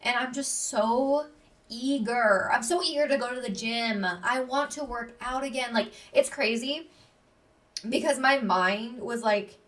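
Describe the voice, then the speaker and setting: A woman's voice: a little high, unhurried, fairly bright tone, distant mic. Bubbly young woman gushing. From Texas. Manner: bubbly, gushing, filler-heavy. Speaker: podcast host. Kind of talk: casual solo podcast chat.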